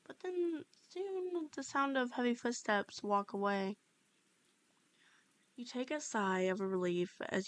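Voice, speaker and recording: A woman narrating a second-person fan-fiction story, reading steadily with small slips and restarts. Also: medium pitch. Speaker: fanfiction reader.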